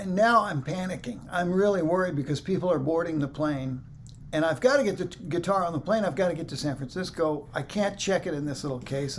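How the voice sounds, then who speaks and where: Man, animated storyteller, higher voice, light background noise. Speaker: musician telling a story to a congregation. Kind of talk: storytelling talk.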